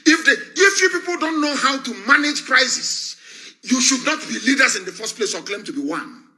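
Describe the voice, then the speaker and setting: A man's voice: extremely high pitch, animated, moderate pace, bright, forceful tone. A man with a Nigerian accent giving an impassioned live address, fiery and scornful, repeating phrases for emphasis. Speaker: broadcaster addressing followers.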